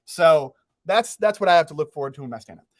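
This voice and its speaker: A man hosting a podcast, telling a story in casual chat, animated, laughing through it and swearing freely. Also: a little high, fast, no room sound, studio quality. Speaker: podcast host.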